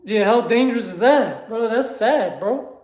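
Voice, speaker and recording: A man's voice: very high voice, expressive, measured pace, a little mellow. A young man ranting casually and heatedly, swearing and saying "bro" often, with disbelieving laughs. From United States. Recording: roomy echo.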